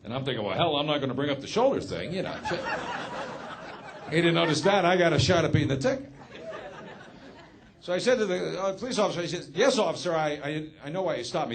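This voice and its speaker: A man doing a stand-up comedy set, telling a story in a deadpan, sardonic way. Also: on the high side, slight background noise.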